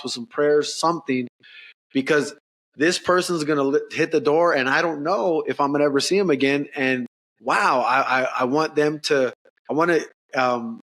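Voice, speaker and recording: A man's voice: fairly high pitch, fairly bright tone. A man who works as a tattoo artist, talking passionately in casual slang on a remote call, often restarting his sentences. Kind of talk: casual interview chat.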